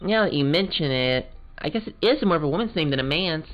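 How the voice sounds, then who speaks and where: A man's voice: on the high side, animated, fast talker, voice pushed up, natural voice. A man voicing an eager sixteen-year-old girl scientist in a Valley Girl voice. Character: eager teen girl, aspiring scientific investigator. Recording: muffled, game music behind.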